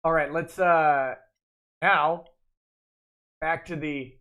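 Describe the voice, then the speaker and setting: A man's voice: a little high, steady tone, extremely slow, bright, forceful tone. A man hosting a late-night livestream, reading viewer chats aloud with jokes. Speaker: livestream host.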